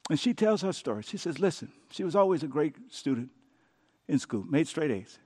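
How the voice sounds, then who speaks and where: A man preaching a sermon as pastor, swinging from loud emphatic lines down to soft whispers. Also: on the high side, sing-song, normal speed, slightly rough.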